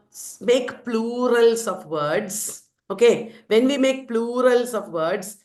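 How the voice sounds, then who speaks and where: Woman quizzing students in a slow lecture. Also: fairly high pitch. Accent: Indian English. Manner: quizzing students, repeating answers slowly and emphatically. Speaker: teacher.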